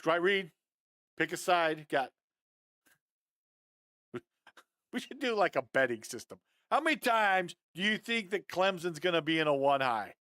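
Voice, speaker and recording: A man breaking down football game film on a live stream, animated and fired up, talking straight to his viewers. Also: a little high, measured pace, long pauses, no echo, studio quality. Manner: addresses viewers as guys, often adds okay.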